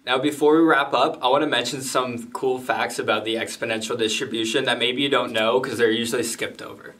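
A man walks through a statistics lesson at an even, middle pitch. He explains step by step in a plain, methodical way and drops in casual asides. His voice sits a little away from the microphone. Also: fairly quick, far from the mic. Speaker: statistics teacher.

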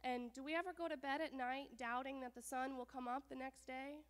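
A woman telling a children's story during a church service, lively and often asking the children questions. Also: sits high, a little fast. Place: church sanctuary. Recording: long church reverb.

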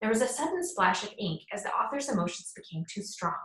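Brief: female audiobook narrator, steady and plain, echoey recording. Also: mid-range voice, fairly quick. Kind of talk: storybook narration. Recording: roomy echo.

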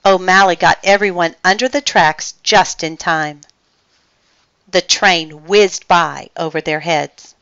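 A woman reading a children's picture book aloud with expressive storytelling. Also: on the low side, slow pace, smooth, no room sound, highs cut off.

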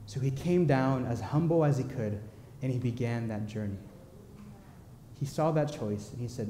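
A young man preaching a sermon in a church, telling personal stories in a playful, animated way with quick asides. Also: medium pitch, slight background noise. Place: church sanctuary. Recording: echoey church hall.

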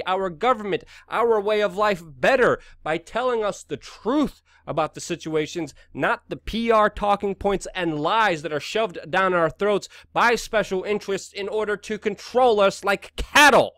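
A man's voice: sits high, unhurried, a bit bright, no echo. Indignant male commentator, dry close sound. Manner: indignant, emphatic, sarcastic. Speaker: host. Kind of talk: opinionated news commentary.

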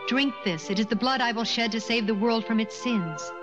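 A gentle, solemn male teacher, as a woman storyteller reads him speaks in quiet, grave, measured words. The recording is dull and muffled, with music playing clearly underneath. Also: fairly high pitch, lightly acted.

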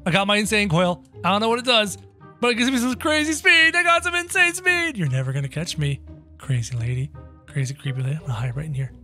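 A man voicing Jax, a jumpy, excitable male cartoon rabbit, chattering through a game and yelping when startled. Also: fairly high pitch, quick pace, soft background music, natural voice. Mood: giddy. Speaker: video game player. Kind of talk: let's-play commentary in character.

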